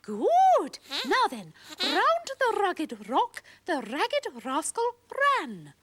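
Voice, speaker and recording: A woman's voice: extremely high pitch, wildly swooping pitch, unhurried, fairly bright tone, full character voice. A woman voicing a prim, fussy female panda puppet who scolds and gives elocution lessons. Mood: coaching. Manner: prissy, scolding, elocution-proud. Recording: hissy old VHS tape.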